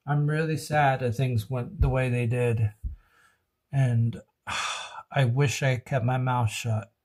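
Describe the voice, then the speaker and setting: A man's voice: mid-range voice, darkish tone. Rambling man venting on a phone vlog. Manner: rambling and repetitive, venting about relationships. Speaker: vlogger. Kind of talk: emotional personal vlog.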